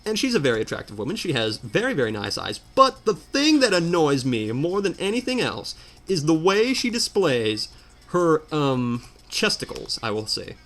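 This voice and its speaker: A man's voice: on the high side, big pitch swings, normal speed, a bit bright. A man ranting in exasperated commentary while playing a video game. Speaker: let's player. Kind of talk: ranting commentary over gameplay.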